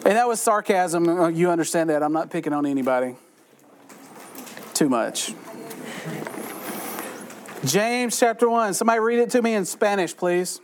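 High-voiced man teaching Bible study. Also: animated, normal speed, long pauses, slight background noise. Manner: joking, conversational, self-deprecating asides. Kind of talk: humorous Bible study talk.

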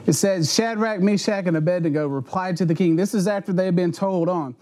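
A man's voice: high-pitched, fairly quick. A man preaching a sermon, telling funny stories, acting out voices and sound effects and laughing often as he talks. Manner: animated, acts out voices and sounds. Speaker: pastor. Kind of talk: sermon with humorous storytelling.

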